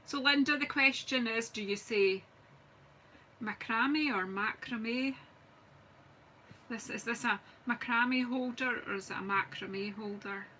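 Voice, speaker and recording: A woman's voice: mid-range voice, sharp tone, slight background noise, low-quality recording. A Scottish woman chatting casually and thinking aloud as she demonstrates card making on a live stream. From Scotland. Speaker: craft demonstrator. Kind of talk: live craft stream chat.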